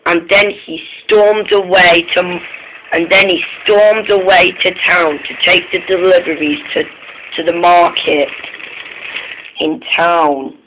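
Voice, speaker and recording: A man narrating a storybook tale, speaking haltingly and often restarting his sentences, on a tinny, phone-like recording. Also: sits high, fairly even intonation, background noise.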